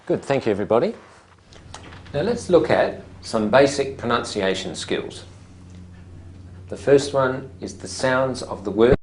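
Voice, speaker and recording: A teacher whose pitch rises and falls in a lively, animated way while sounding words out slowly and deliberately. Short questions check whether the class has understood. A faint hiss of noise runs underneath. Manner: slow, deliberate modelling of word stress. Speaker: English language teacher. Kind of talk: classroom teaching with explanatory voice-over.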